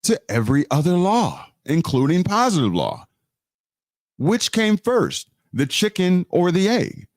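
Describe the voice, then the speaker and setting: A man's voice: high voice, huge pitch swings, a little slow, no echo, studio quality. A man hosting a live online teaching, preaching about law and scripture with emphatic repetition and frequent restarts. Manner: preachy, emphatic, repeats key phrases. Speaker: host of a live teaching stream.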